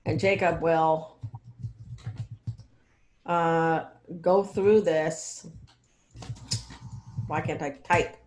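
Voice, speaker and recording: A woman talks through feedback on a video call, her voice slightly low and the room echoey. She rambles, fills pauses with "um" and "you know", and keeps asking whether her listeners follow. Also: fairly even intonation, darkish tone, a little hiss or hum. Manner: rambling, filler-heavy, checks in often. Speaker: research mentor. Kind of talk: casual meeting feedback.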